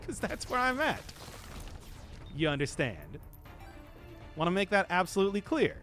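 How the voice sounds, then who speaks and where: A man's voice: high voice, wildly swooping pitch, unhurried, pushed and bright, soft background music. Jokey, rambling male game streamer. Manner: jokey, rambling, chatting with viewers. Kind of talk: casual gaming stream chat.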